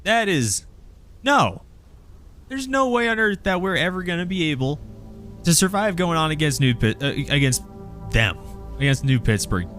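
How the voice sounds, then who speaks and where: A man's voice: fairly high pitch, sing-song, moderate pace, long pauses, a bit bright, soft background music, voice pushed up. A man voicing a skeptical woman from the crowd who argues against the plan.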